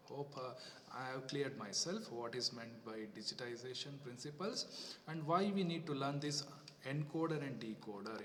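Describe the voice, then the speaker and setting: A man's voice: mid-range voice, fairly bright tone, a little hiss or hum. Male lecturer, classroom lecture, repetitive step-by-step explaining, roomy reverberant sound, distant mic.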